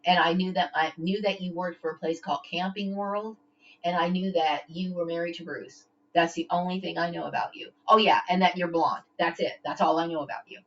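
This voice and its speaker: A woman's voice: lowish voice, steady tone, a little fast. A woman ranting straight to camera, confrontational, repeating "okay?" and stammering as she restarts her sentences. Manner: stammers and restarts when upset. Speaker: vlogger. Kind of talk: direct-to-camera rant. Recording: dull lo-fi home recording.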